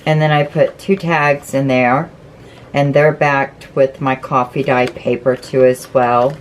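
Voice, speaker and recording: A woman's voice: very deep voice, steady tone, measured pace, a little hiss or hum, poor audio. A woman hosting a casual craft flip-through, chatty and gushing as she explains each step. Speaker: craft channel host.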